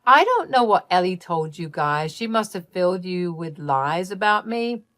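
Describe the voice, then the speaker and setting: A woman voicing a selfish young woman who pleads and shouts in a shrill, frantic way in a read-aloud family drama story. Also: sing-song, moderate pace, dry recording. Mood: pleading.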